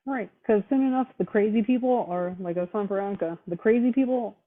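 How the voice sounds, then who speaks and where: A woman's voice: medium pitch, quick pace. A woman in casual chat, talking bluntly and with heavy profanity, fired up and determined. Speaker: roundtable guest. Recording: tinny phone-line audio.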